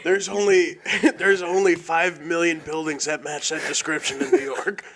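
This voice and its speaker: A man's voice: fairly high pitch, fairly even intonation, normal speed, fairly bright tone. A man, a comedian guest on a podcast, riffing playfully and laughing a lot. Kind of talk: casual comedy podcast chat.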